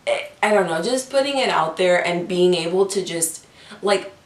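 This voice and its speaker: A woman's voice: on the low side, lively intonation, normal speed. A young woman co-hosting a casual best-friend video, talking in a joking, sarcastic way. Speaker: co-host. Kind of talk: casual chat. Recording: echoey room.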